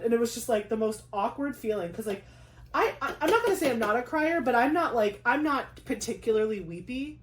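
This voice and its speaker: A young woman chatting casually on her craft vlog, talking fast with lots of "like" and quick asides. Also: a little high, lively intonation. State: pregnant. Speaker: craft vlogger. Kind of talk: casual chat.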